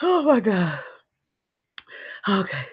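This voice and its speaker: A woman hosting a casual livestream, talking candidly to viewers and reading their comments, rambling and animated. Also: medium pitch, slow pace, breathy edge. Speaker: livestream host. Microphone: streaming mic. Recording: dull lo-fi stream audio.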